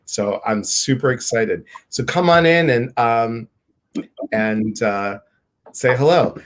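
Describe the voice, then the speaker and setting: An excited, bubbly man hosting a casual live stream. He greets viewers one by one with lively enthusiasm. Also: medium pitch, slow.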